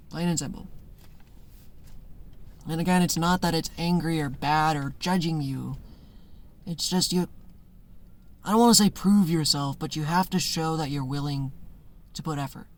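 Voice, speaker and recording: A man with a fairly high voice talks loosely to camera from his notes. He rambles in a conversational way. He acts out short voices inside his stories and laughs often. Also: takes it slowly, long pauses. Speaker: spiritual content creator. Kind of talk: casual monologue.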